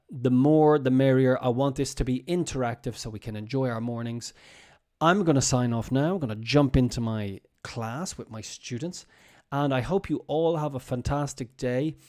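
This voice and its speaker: Mellow-voiced man teaching English casually. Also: medium pitch. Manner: patient, repeats words and phrases for learners; loose and chatty, many fillers. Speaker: English teacher and stream host. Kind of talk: casual livestream English lesson.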